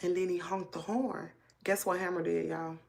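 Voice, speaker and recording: A woman, telling a story to her viewers in a chatty, animated way with lots of asides. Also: lowish voice, moderate pace, gravelly. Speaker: family vlogger.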